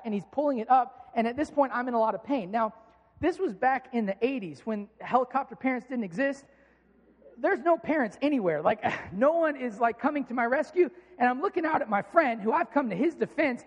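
Middle-aged man, preacher, very high-pitched, earnest conversational sermon, casual fillers, long hall reverb. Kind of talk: sermon with personal storytelling.

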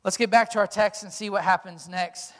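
A man's voice: high voice, steady tone, fairly quick, a bit bright, in a large hall. A male pastor preaching a sermon, emphatic, with repeated rhetorical questions.

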